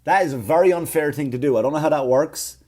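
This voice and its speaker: A man's voice: fairly high pitch, fast, darkish tone. A man, hosting a comedy podcast and telling a story as a rant, full of swearing and acted-out quotes. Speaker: podcast host.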